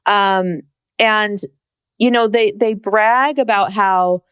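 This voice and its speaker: A woman's voice: medium pitch, fairly even intonation, slow pace, smooth, dry recording, muffled recording. A woman co-hosting a podcast in casual chat, hesitant and searching for words. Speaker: podcast co-host.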